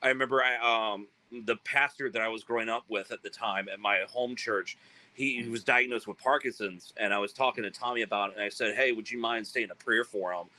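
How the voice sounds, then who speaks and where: A man from South Carolina, a guest telling animated stories in a casual interview and acting out quoted voices. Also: lowish voice, brisk, low-quality recording. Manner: animated, acts out quoted voices, many fillers. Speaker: guest, band frontman.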